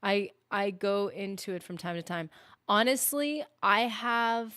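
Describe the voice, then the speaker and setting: A woman's voice: mid-range voice, steady tone, measured pace, fairly bright tone, smooth, dry recording, clean studio sound. Rambling, chatty woman streamer. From northern United States. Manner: rambling, chatty, full of "like" and self-interruptions; reads viewer comments aloud. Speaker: game streamer. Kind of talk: casual live-stream chat.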